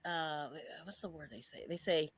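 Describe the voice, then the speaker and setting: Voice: mid-range voice, normal speed, no room sound. A person from Pittsburgh with no accent left, telling stories in a casual chat and laughing often. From Pittsburgh, USA. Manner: animated, laughing storyteller.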